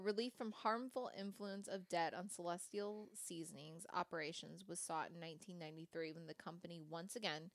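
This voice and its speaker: A woman's voice: fairly low pitch, no room sound. Woman reading a history, casual. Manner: conversational, swearing, wry asides between read passages. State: has the hiccups. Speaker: podcast host. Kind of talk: reading a company history aloud with casual asides.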